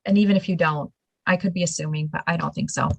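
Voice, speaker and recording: A woman hosting a casual interview, telling stories in an animated, emphatic way and laughing now and then. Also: low voice, fast, creaky, breathy edge, dry recording, low-quality recording. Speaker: show host.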